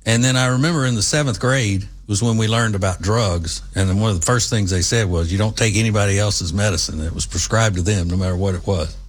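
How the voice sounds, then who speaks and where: A man's voice: on the low side, a little fast, hardly any pauses, husky. A middle-aged man, hosting a casual commentary monologue in a rambling, folksy, conversational way. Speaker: commentary show host.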